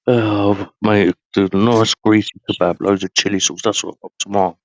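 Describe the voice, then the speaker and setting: A man's voice: on the low side, fairly even intonation, moderate pace, no room sound, highs cut off. A man from hosting a long live podcast, chatting casually in a tired, rambling, slangy way. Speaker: podcast host. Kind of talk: casual late-night chat.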